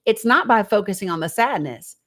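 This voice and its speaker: A woman's voice: mid-range voice, expressive, fairly quick. A woman hosting a live call-in show, talking in a conversational, reflective way and asking her listeners rhetorical questions. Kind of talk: encouraging live-stream talk.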